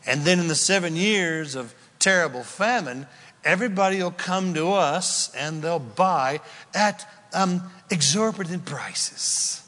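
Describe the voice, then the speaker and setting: A shrewd, confident young administrator lays out his scheme, as a preacher acts him out. He draws out his words slowly at a raised pitch, and a long hall reverb trails behind him. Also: animated, a bit bright. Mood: scheming.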